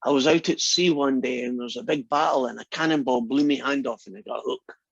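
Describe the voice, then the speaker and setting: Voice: medium pitch, fast, gravelly, no echo, highs cut off. A teacher voicing an old male pirate in a joke told during an online class, with a plain, matter-of-fact delivery. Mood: gruff.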